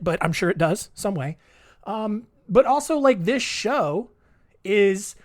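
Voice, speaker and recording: A man hosting a podcast solo, rambling casually with lots of fillers and restarts. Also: a little high. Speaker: podcast host.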